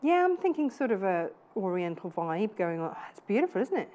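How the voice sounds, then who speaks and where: A woman's voice: medium pitch, very animated, fairly quick, few pauses, dark tone. A woman in her thirties presenting live TV sales in a chatty, gushing way with self-deprecating asides. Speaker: shopping channel presenter. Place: TV studio.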